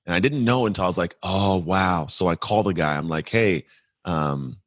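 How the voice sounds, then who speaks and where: In a deep voice on a dry, studio-quality recording, a man in his forties from California tells his life story as a podcast guest. He sounds earnest and reflective, talking quickly and often restarting.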